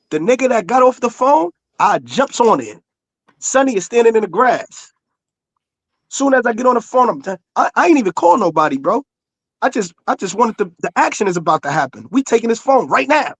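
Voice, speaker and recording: A man's voice: high voice, sing-song, brisk, no echo. A man, arguing heatedly in casual talk, insistent and repeating himself to be heard. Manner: insistent, repeats himself, talks over others.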